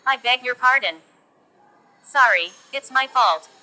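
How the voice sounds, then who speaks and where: A woman teaching English, reading example phrases for learners one by one in a slow, deliberate delivery. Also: high-pitched, expressive, sharp tone, soft background music.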